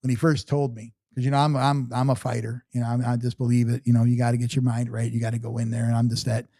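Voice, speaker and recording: A middle-aged man, a guest on an interview show, tells a personal story with halting restarts and frequent fillers. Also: medium pitch, flat delivery, mellow, no room sound. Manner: halting, repeats words, many "you know"s.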